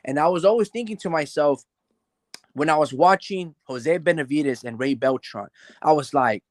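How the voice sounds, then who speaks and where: Animated man breaking down a boxing match. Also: a little high, moderate pace, no room sound. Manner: animated, loose, heavy on "like" and "bro", acts out fighters' thoughts. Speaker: boxing podcast host. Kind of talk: casual boxing analysis chat.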